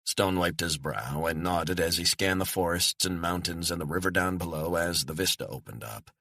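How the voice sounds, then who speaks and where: A deep-voiced man reads a thriller audiobook in a steady, measured way. His voice is forceful with a husky grain. The close-mic recording is completely dry. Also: dry recording. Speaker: audiobook narrator. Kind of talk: scripted narration.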